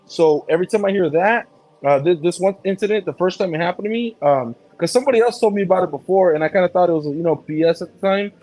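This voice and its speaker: A man in casual chat, telling a personal story in an animated, profane way. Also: high-pitched, quick pace, rough recording.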